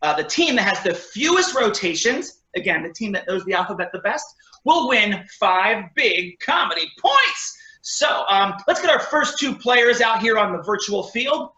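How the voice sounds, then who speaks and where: A man's voice: high voice, sing-song, moderate pace, pushed and bright, rough recording. A man refereeing a virtual improv comedy match over a video call, upbeat and chatty as he reads suggestions from the chat.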